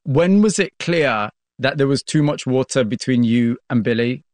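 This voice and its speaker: A man's voice: mid-range voice, expressive, moderate pace, a little mellow, no echo, studio quality. A man hosting an interview, asking probing questions and narrating parts of the story.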